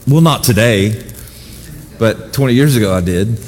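A middle-aged man preaching a sermon as pastor, telling personal stories with self-deprecating humor and animated voices for the people he quotes. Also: lowish voice, normal speed, in a large hall, a little hiss or hum.

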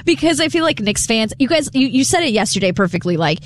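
A woman co-hosting a sports talk show, teasing her co-host with quick banter. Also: a little high, sing-song.

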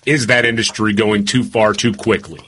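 A man's voice: fairly low pitch, steady tone, moderate pace, fairly bright tone, a little hiss or hum. A man co-hosting a casual talk show, telling stories in a chatty, self-deprecating way. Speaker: co-host. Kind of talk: casual chat.

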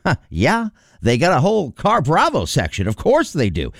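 A man's voice: a little high, wildly swooping pitch, normal speed, no room sound, clean studio sound. A man hosting a radio show, reading sponsor ads in a chatty, upbeat storytelling way. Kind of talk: host-read radio ad.

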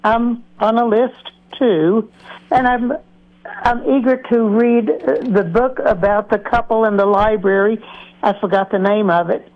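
A woman calls in to a radio show and speaks warmly and effusively. Her voice comes through a dull, muffled call-in line. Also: mid-range voice, fairly even intonation, unhurried. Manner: warm, gushing, effusive. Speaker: caller. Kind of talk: phone-in call.

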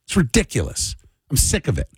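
A man's voice: medium pitch, wildly swooping pitch, fairly quick, a little mellow, slightly rough, no echo. A man hosting a political commentary monologue, agitated and fired up, ranting with heavy emphasis. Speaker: show host and commentator.

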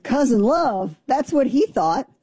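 A woman's voice: high voice, big pitch swings, takes it slowly, warm tone, husky, no echo. A woman in her forties, co-hosting a casual on-air chat, telling stories with self-mocking asides. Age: 40s. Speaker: radio show co-host.

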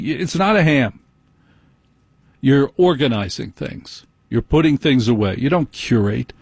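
Man, talk radio host, ranting, sarcastic, husky voice, dry close sound. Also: medium pitch, lively intonation, moderate pace, a little mellow, no echo. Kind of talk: opinionated talk radio monologue.

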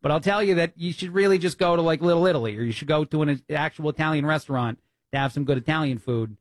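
A man's voice: a little high, fast talker, no echo. A man with a New Jersey accent, filling in as a talk radio host, talking politics in a chatty, opinionated way with plenty of fillers. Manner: opinionated, conversational, many fillers.

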